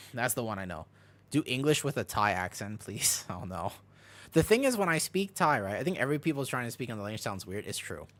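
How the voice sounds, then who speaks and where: Chatty man streaming a game, lively pitch. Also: fairly quick. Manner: chatty, jumps between topics, answers chat, laughs often. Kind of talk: casual live-stream commentary while gaming.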